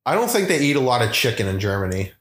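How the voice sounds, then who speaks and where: A man's voice: mid-range voice, sing-song, quick pace, a bit bright, echoey room. A young man co-hosting a casual podcast, swearing a lot and throwing in sarcastic interjections. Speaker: podcast co-host. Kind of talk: casual chat.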